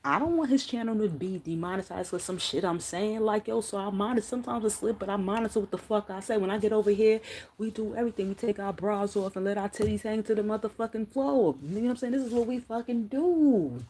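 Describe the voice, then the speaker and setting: Fast-talking, profane woman ranting on a live stream. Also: mid-range voice. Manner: fast, profane, animated storytelling with slang. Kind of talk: unfiltered casual rant. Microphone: phone.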